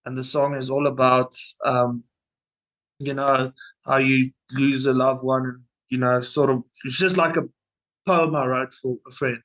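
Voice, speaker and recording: A man's voice: medium pitch, flat delivery, unhurried, fairly bright tone, low-quality recording. A young man, a band's vocalist, telling stories in a casual interview, full of restarts and fillers. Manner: rambling, many restarts and fillers. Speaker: band vocalist.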